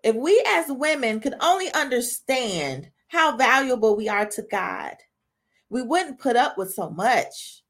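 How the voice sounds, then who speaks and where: Unhurried and very animated, this podcast host has a slightly high, somewhat bright voice. Her devotional talk for women is casual, earnest and conversational, with frequent "right?" and "you know?" at sentence ends.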